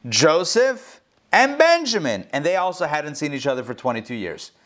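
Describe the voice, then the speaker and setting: A man's voice: a little high, very animated, moderate pace, a bit bright. A middle-aged man, a rabbi, teaching a Torah class over a video call in a casual, jokey way, asking his audience questions. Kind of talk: casual online class lecture. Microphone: computer mic on a video call.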